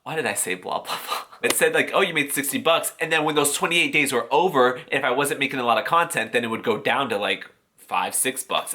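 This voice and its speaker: A man's voice: medium pitch, sharp tone. A man talking in a casual, sassy, profane vlog style, explaining how he gets paid and acting out quoted voices. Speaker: YouTuber.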